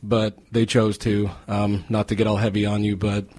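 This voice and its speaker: Halting, low-voiced band guest man. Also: completely flat delivery, a little mellow. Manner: halting, full of fillers. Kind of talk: casual radio chat. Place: radio station studio.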